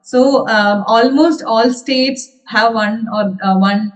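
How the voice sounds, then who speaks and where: A woman's voice: a little high, slow, rough recording. A woman with an Indian English accent, teaching as an exam trainer in a methodical lecture that restates key points with frequent hesitations. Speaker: civil service exam trainer. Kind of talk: explanatory exam-prep lecture.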